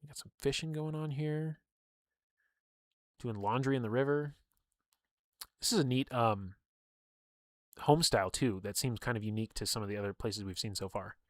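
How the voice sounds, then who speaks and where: A man's voice: mid-range voice, moderate pace, pauses often, no echo, studio quality. A young man casually reading through a game book on a livestream, breaking off for chatty asides and laughs.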